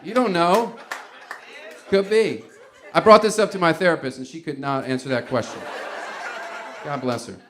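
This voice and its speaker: A man's voice: on the high side, moderate pace, long pauses, background noise. Rambling, musing stand-up comic man. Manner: musing, rambling, half-laughing asides. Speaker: stand-up comedian.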